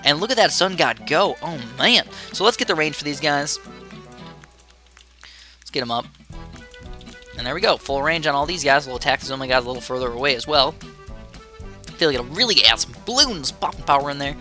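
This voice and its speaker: A man's voice: a little high, expressive, fairly quick, long pauses, sharp tone, faint music behind. A young man giving casual, chatty commentary over his strategy game, wandering into rambling asides. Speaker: gaming YouTuber.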